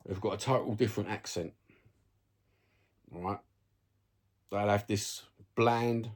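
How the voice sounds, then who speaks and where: A man's voice: fairly low pitch, darkish tone. A man with a Cockney accent, ranting bluntly and swearing a lot in a casual vlog. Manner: sweary, blunt, chatty with frequent "you know what I mean". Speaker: vlogger. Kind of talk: casual rant to camera. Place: at home, seated.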